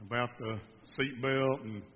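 A man's voice: mid-range voice, fairly even intonation, measured pace. A man preaching a sermon, telling a folksy story and joking with the congregation. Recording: dull sound with long reverb in a hall.

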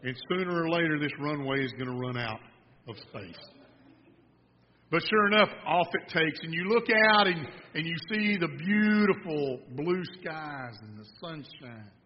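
A man's voice: on the high side, lively intonation, measured pace. A man preaching a sermon, telling a folksy story and joking with the congregation. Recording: dull sound with long reverb in a hall.

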